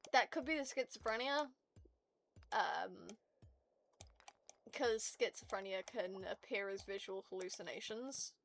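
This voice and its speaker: A woman streaming to her viewers in casual chat, ranting in an animated and profane way. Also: a little high, gravelly.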